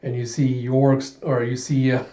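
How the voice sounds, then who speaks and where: A man narrating a comic book readthrough in a casual, animated way, slipping into quick voices for the characters. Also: mid-range voice, roomy sound, highs cut off.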